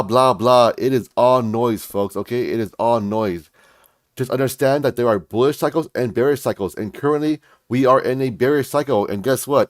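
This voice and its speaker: Male livestream host, hyped and repetitive, mid-pitched, dry close sound. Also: a little mellow, no echo. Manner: pumped, repetitive, keeps saying "folks, all right?". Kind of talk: hyped market commentary livestream.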